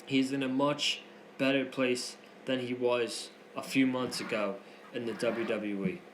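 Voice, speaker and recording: A man's voice: mid-range voice, little pitch movement, unhurried. A man hosting a wrestling news show, commenting in a heated, opinionated way and repeating himself for emphasis. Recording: echoey room with faint noise.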